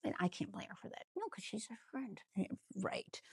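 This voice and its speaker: A woman hosting a casual reality-TV gossip recap, chatty and animated, often trailing off and restarting her thoughts. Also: mid-range voice, moderate pace, vocal fry, husky, no echo. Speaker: ventriloquist host.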